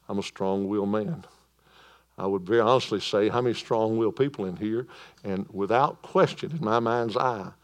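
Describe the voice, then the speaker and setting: A man preaching a sermon in a church, moving between loud proclamation and quiet calm. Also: medium pitch. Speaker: pastor.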